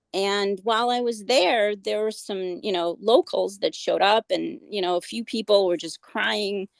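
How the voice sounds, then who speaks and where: Earnest woman with a gravelly edge. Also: medium pitch, no room sound. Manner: earnest, many fillers and restarts. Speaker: guest, animal advocate. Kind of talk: casual interview conversation.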